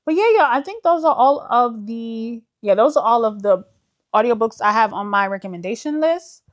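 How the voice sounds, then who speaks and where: A woman's voice: fairly high pitch, lively intonation, moderate pace, highs cut off. A woman book vlogger in casual chat, enthusiastic and full of fillers, calling her viewers "y'all". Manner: chatty, enthusiastic, uses many fillers like "like".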